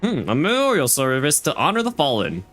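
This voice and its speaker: Man reading stern admiral lines aloud, stumbling over words, lively bright voice, soft music underneath. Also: on the high side, fairly quick. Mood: solemn. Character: stern female fleet admiral recounting war. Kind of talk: reading game dialogue aloud.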